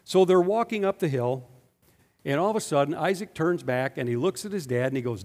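A man's voice: on the high side, animated, fairly quick, a little mellow. A man preaching a sermon. He speaks emphatically and keeps asking the congregation rhetorical questions, and the recording has a long hall reverb. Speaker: pastor.

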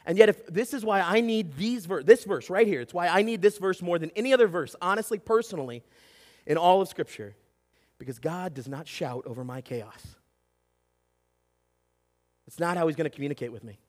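A man's voice: sits high, brisk. A man in his thirties preaching a sermon, telling stories with lots of energy and often asking "right?" to the congregation. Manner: animated storytelling, acts out shouting and whispering, keeps asking "right?". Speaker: pastor. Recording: long hall reverb.

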